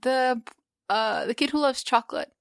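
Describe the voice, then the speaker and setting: A woman's voice: high-pitched, normal speed, vocal fry, dry recording, studio quality. A woman guest on a podcast, rambling casually with lots of fillers and the odd swear.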